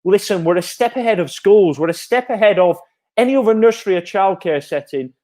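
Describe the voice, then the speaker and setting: A man, a childcare provider giving parents an energetic, reassuring live update. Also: brisk. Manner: energetic, repetitive, upbeat sales-pitch reassurance.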